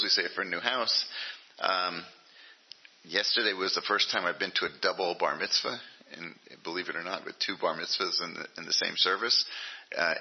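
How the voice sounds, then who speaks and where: An older man with a husky, somewhat low voice leads an informal adult class as its rabbi. He talks in a loose, conversational way and keeps checking that his listeners follow. The recording is dull and lo-fi. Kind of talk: informal adult education lecture. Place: meeting room with a class.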